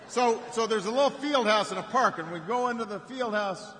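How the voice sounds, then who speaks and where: A man giving a storytelling campaign speech at a rally in a large arena, with frequent repeated words and restarts and pauses for effect. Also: sits high, a bit bright, a faint crowd. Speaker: political speaker at a rally. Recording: echoing arena with faint ambience.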